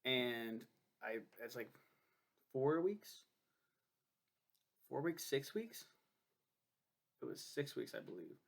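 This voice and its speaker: Rambling, profane young man with a gravelly voice. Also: medium pitch, animated, slow, long pauses. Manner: rambling, profane, self-deprecating. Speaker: book reviewer. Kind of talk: casual book review vlog.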